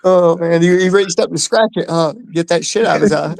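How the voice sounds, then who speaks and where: A man's voice: a little high, a little fast, vocal fry, no room sound. A man in a casual livestream chat, joking around crudely.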